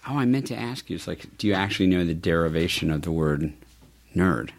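A man guest in a casual interview, telling stories in a lively way and voicing quotes in a higher tone. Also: brisk, slight background noise. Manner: animated storyteller, acts out quotes in a higher voice. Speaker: film producer guest.

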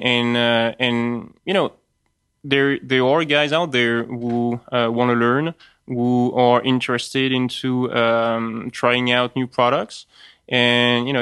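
A man with a French accent, a spirits importer speaking as an interview guest, halting and full of restarts and fillers. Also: medium pitch, fairly bright tone, smooth, no room sound, clean studio sound. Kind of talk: conversational interview.

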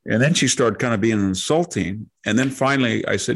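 A man co-hosting a podcast who tells a long personal story in a measured, conversational way. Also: medium pitch, fairly bright tone. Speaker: podcast co-host.

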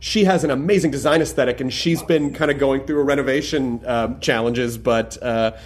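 A man's voice: mid-range voice, fairly quick, crowd noise. A man hosting a podcast, enthusiastic and chatty, with plenty of "like" fillers. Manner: enthusiastic, filler-heavy, lots of "like". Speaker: podcast host. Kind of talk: casual podcast chat.

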